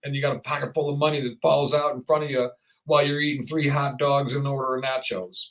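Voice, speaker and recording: A man hosting a casual podcast chat, rambling and animated, often acting out the voices of people he quotes. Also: medium pitch, a little fast, low-quality recording. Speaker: podcast host.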